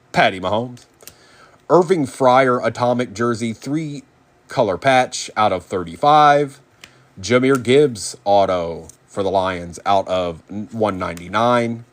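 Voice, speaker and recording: A man hosting a live sports card break, chatting casually and running quickly through player names. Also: medium pitch.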